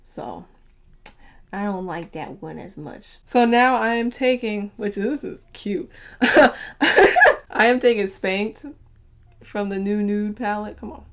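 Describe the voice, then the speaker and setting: A chatty, upbeat young beauty vlogger talks through a makeup tutorial, laughing often and using lots of fillers. Her medium-pitched voice is fairly bright, with lively intonation and a slow pace.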